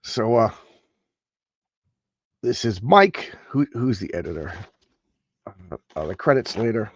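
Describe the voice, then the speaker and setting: A man's voice: medium pitch, very animated, slow pace, dry recording. Guy rambling on his stream, stumbles over words, dry kinda muffled sound. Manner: rambling, stammers and repeats words. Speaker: host. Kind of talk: casual live-stream chat.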